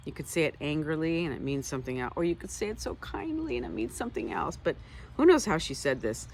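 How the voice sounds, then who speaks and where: A woman teaches from the Bible, reading passages aloud and frequently pausing to add conversational comments. Her voice is deep and gravelly, with big pitch swings and a fairly quick pace, and there's a little hiss or hum.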